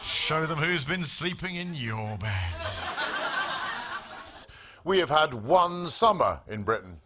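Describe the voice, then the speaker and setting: A man's voice: on the high side, sing-song, slow, long pauses, a crowd in the background. A man doing a stand-up comedy set on a club stage, telling stories in a wry, sardonic way with plenty of swearing.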